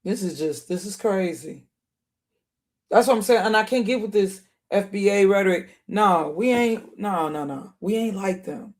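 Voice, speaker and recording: A man's voice: sits high, normal speed. A man giving heated reaction commentary, repeating himself in outraged, rambling asides. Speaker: online commentator.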